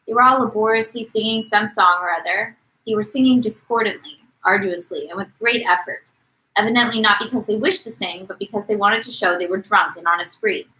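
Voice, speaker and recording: On a low-quality recording, a podcast co-host reads a novel aloud in a casual format, acting out the quoted lines with dramatic voices. She speaks briskly in a mid-range voice with a bright, forceful tone.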